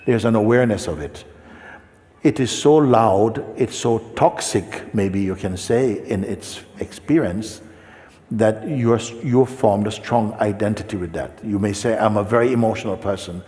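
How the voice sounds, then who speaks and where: A man speaking as a spiritual teacher, talking gently and unhurriedly to a seeker and often checking in with questions. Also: lowish voice, measured pace. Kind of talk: spiritual talk answering a seeker. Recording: long hall reverb.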